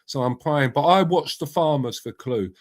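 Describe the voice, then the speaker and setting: Reading viewer comments on a laid-back live stream, this middle-aged host speaks at a normal speed in a slightly high voice. He rambles in a friendly, chatty way, greets people by name and doesn't hold back on the swearing.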